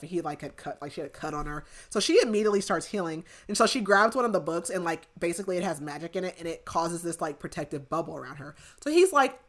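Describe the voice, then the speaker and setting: A woman's voice: fairly low pitch, fairly bright tone. A young woman co-hosting a podcast, casually retelling a novel's plot in a rambling way with constant "like" fillers. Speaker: podcast co-host. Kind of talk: casual book recap chat.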